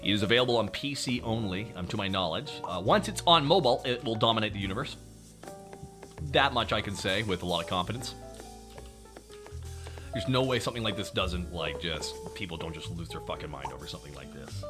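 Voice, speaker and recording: A man streaming, chatting casually and excitedly, swearing freely as he reacts. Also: lowish voice, fairly quick, music in the background.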